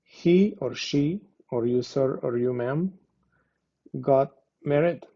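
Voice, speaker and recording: Male teacher, mellow and slow, halting with fillers, dull lo-fi recording. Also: medium pitch. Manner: deliberate, pausing with many fillers. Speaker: language teacher. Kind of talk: slow explanatory lesson. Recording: dull lo-fi sound.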